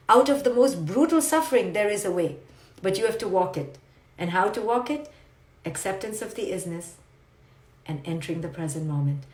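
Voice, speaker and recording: A woman's voice: mid-range voice, darkish tone. Woman, motivational speaker, emphatic and repetitive, roomy echo. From India. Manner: emphatic, repetitive mantras, rhetorical questions. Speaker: psychologist giving a motivational talk. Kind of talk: livestreamed motivational talk. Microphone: phone or webcam.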